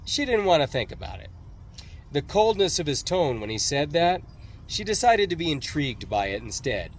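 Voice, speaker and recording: A man narrating an audiobook in a measured, expressive reading. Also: a little high. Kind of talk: scripted narration.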